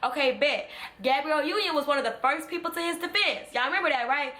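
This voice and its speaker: A woman's voice: high voice, quick pace, bright, forceful tone. A woman, ranting bluntly and with exasperation in a casual vlog, using slang. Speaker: vlogger. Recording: echoey room.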